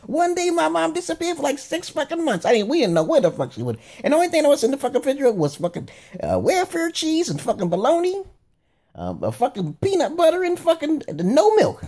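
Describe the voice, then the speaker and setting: A man's voice: extremely high pitch, wildly swooping pitch, fairly quick, darkish tone. A man talking in a profane, rambling monologue, cursing heavily and breaking into laughing asides. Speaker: vlogger.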